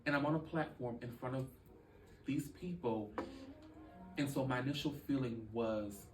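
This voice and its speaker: A man telling a deeply personal story as a podcast guest, speaking earnestly with halting restarts. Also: reverberant, far from the mic, over music, rough recording.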